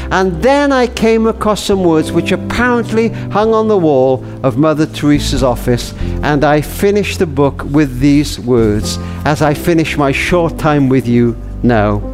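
An older man telling a tender story in a talk, slowing to a hush on key words. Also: sits high. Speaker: speaker.

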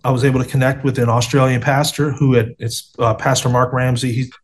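A man's voice: medium pitch, level tone, fairly quick. A man telling his faith story in an interview over a video call, earnest and street-casual, often saying "man" and "bro".

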